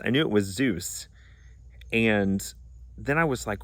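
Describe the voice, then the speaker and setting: Earnest low-voiced man telling a story. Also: unhurried, long pauses, a bit bright, dry recording. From Arkansas, United States. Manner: earnest and reflective, acts out remembered dialogue. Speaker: pagan vlogger. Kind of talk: personal storytelling monologue.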